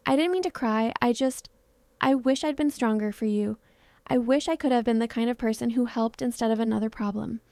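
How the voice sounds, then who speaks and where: A woman reading as a heartbroken film star in her thirties, soft and pleading in a storybook retelling. The voice sits a little high with a mellow, warm tone. It is close and dry, with no room sound. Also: fairly quick, dry recording, natural voice. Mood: tender.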